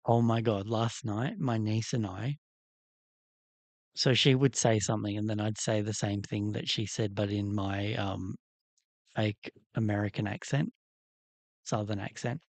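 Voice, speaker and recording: A man's voice: lowish voice, steady tone, measured pace, no echo. A man hosting a livestream, chatting casually in a rambling, candid way while he works on a doll. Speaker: livestream host.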